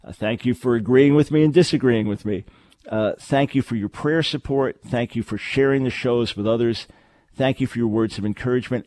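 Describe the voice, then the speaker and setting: A man's voice: medium pitch, a little mellow. A man hosting a call-in radio show, talking in an earnest, emphatic way and repeating phrases for stress. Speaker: radio talk show host. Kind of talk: call-in radio advice and announcements.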